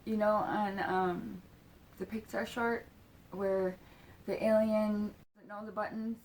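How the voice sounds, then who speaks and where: A woman's voice: medium pitch, little pitch movement, takes it slowly, darkish tone. A woman in her forties telling a personal story in a casual, rambling way, with lots of fillers and swearing. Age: 40s.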